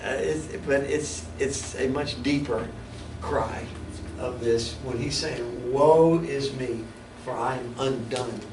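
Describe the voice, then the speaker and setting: Speaking slowly and with few pauses, a man in a mid-range voice teaches a Bible study in an easygoing way, though he keeps halting and restarting. His voice is captured from afar in an echoing space over a persistent hiss.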